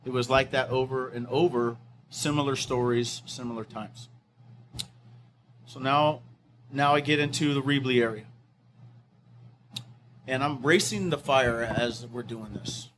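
A man's voice: medium pitch, unhurried, long pauses, a bit bright, a little hiss or hum. A middle-aged man, a fire captain, recounting an evacuation with many fillers and restarts, sometimes acting out the voices of others. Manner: acts out quoted voices of others.

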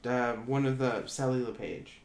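A man's voice: mid-range voice, fairly even intonation, moderate pace, creaky. A man chatting casually as a podcast host, rambling with many restarts and hesitations. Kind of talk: casual chat. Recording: echoey room with faint noise.

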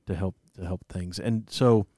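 A man's voice: sits low, fairly even intonation, moderate pace, dark tone, dry recording, studio quality. A man co-hosting a faith podcast, rambling and self-deprecating, full of fillers as he tells a story. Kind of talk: casual faith chat.

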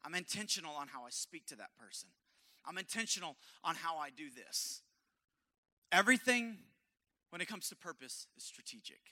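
A male pastor preaching an impassioned sermon at a church service, hoarse, dropping to a hush and then rising loud. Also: fairly high pitch, sing-song, normal speed. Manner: impassioned, swinging from hushed to loud.

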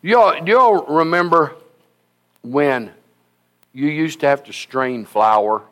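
A man preaching a sermon, telling stories in an animated, folksy and emphatic way. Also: on the high side, slow. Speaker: pastor.

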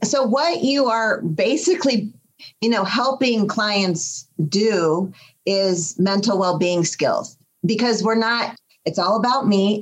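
A woman's voice: mid-range voice, slightly rough, low-quality recording. A woman guest in a podcast interview, speaking as a mindset coach in an enthusiastic, emphatic way. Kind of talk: casual interview.

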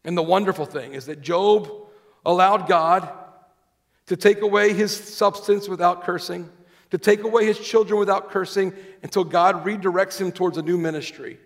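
Male preacher, high and gravelly, sermon delivery in a reverberant church hall. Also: steady tone, moderate pace. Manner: reads scripture aloud, asks the congregation questions.

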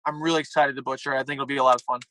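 A man's voice: mid-range voice, flat delivery, racing, bright, forceful tone, poor audio. A man chatting casually as a podcast guest, loose and self-deprecating.

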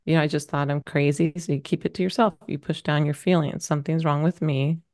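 Low-voiced woman sharing candidly. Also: steady tone, a little fast, darkish tone. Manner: emotional, rambling, lots of fillers. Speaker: podcast guest. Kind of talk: candid conversational storytelling.

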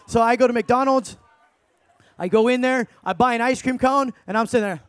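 A young man, an evangelist, excitedly telling testimony stories in slangy talk, laughing now and then. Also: very high-pitched, a little fast, no room sound. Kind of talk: energetic testimony storytelling.

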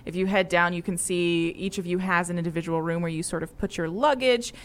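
A woman's voice: lowish voice, a little fast. A young woman narrating a tabletop game as game master, rambling and playful with many fillers.

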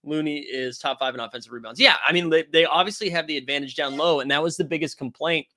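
Male sports stream host, slightly high, dry close mic, rambling and animated, casual profanity. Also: fast talker, dry recording. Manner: animated, rambling, swears freely. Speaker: podcast host reading chat. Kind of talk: casual sports talk livestream.

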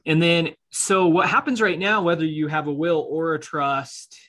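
A man co-hosting a relaxed podcast chat about estate planning. He walks through how trusts and wills work in plain, easygoing terms, and laughs easily. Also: a little high, moderate pace. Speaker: estate planning attorney co-host. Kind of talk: casual podcast conversation.

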